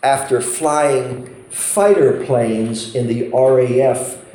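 A man's voice: medium pitch, takes it slowly, dark tone. A man preaching a sermon, telling a story with impassioned, pleading emphasis. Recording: roomy hall echo.

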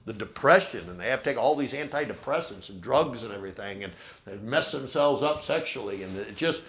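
A man's voice: mid-range voice, lively intonation, brisk, a bit bright. A man preaching a sermon as pastor, who often ends his points with a questioning "okay?". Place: church.

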